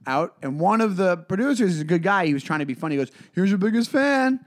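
Animated, swearing man in his forties. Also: a little high, rapid-fire. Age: 40s. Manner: animated, swearing, many restarts. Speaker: comedian and podcast co-host. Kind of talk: casual chat, storytelling.

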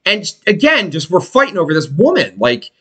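A man's voice: high voice, brisk. A man telling a long personal story in casual chat, swearing freely and acting out what people said. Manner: animated, profane, acts out quotes.

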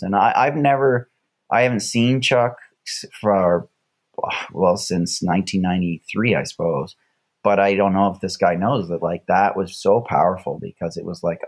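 A man's voice: fairly low pitch, measured pace. A middle-aged man, a guest telling reflective stories in a conversational way. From Canada. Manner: reflective, uses vivid stage imagery. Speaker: guest, Olympic champion. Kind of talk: conversational storytelling.

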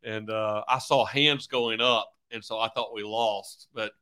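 A middle-aged man guests on a podcast as a football coach. His voice is bright and smooth. He chats in an easygoing way and acts out the people in his stories. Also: fairly low pitch, steady tone, a little slow. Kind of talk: casual interview chat.

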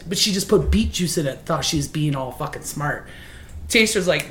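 A woman from Canada chatting casually on a podcast, telling animated, swear-filled stories about baking. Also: fairly low pitch, fairly quick. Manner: profane, animated storyteller. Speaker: guest baker. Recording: echoey room.

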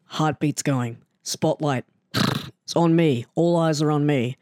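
Animated self-mocking male storyteller. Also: slow, dry recording. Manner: animated, self-mocking, jumps into excited higher pitch. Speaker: storyteller recounting his wrestling start. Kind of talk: casual storytelling monologue.

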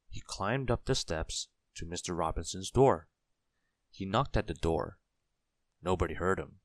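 A man reading a children's storybook aloud in a slow, gentle, clear storytelling manner. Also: low voice, no echo. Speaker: narrator.

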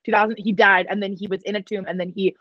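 A woman guest in a casual faith conversation, talking in a jokey, lively, self-deprecating way. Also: medium pitch, quick pace, no room sound, muffled recording. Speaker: guest, online comedian.

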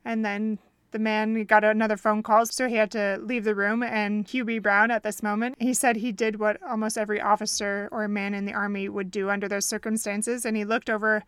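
A woman's voice: medium pitch, flat delivery, fairly quick, hardly any pauses, fairly bright tone, clear, resonant tone, no echo. A woman hosting a faith-based podcast as a counselor, telling a story earnestly and asking listeners reflective questions.

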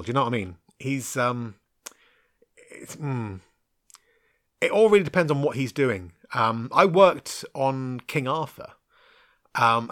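A man's voice: mid-range voice, fairly bright tone, dry recording, studio quality. Rambling man reviewing films. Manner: rambling, frequent ums and restarts, frank with mild swearing. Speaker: podcast film reviewer. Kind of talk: casual solo podcast film review.

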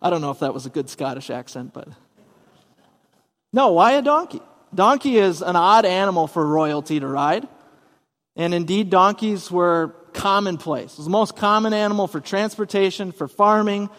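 A man's voice: high-pitched, animated, moderate pace, a bit bright, big-room sound. A man preaching a sermon as pastor, explaining scripture in a conversational way with casual asides.

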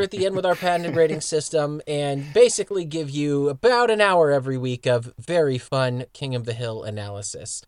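A man's voice: on the high side, normal speed, hardly any pauses, darkish tone, clean tone, no echo, clean studio sound. A man co-hosting a casual podcast, joking and sometimes tripping over his words. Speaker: podcast co-host.

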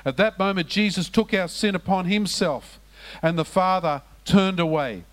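A male pastor delivering a church sermon in a fairly high voice. He preaches with passion, sinking to hushed, quiet lines and then climbing to raised, emphatic cries. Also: normal speed. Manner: impassioned, swings between hushed lows and raised emphatic cries.

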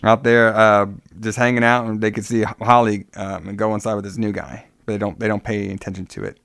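A man's voice: lowish voice, steady tone, fairly quick, creaky, a bit bright, clear, resonant tone, dry recording, studio quality. A man casually retelling a film's plot scene by scene, with many fillers and asides. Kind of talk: casual movie recap chat.

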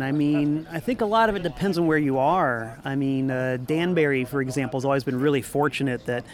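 A man, a musician and former record store owner, talking in a rambling, upbeat way in a casual interview in a parking lot. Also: on the high side. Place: parking lot outside a venue.

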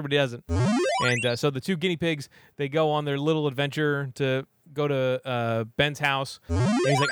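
A young adult man recapping a movie in a rambling, comedic way, full of fillers and quick character voices. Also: a little high, a bit bright, smooth, no room sound, studio quality. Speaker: podcast host recapping a movie.

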